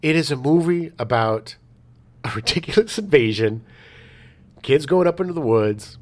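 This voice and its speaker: A man co-hosting a podcast in casual chat, emphatic and quick to act out scenes. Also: a little high. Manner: animated, emphatic, acts out scenes. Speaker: podcast co-host.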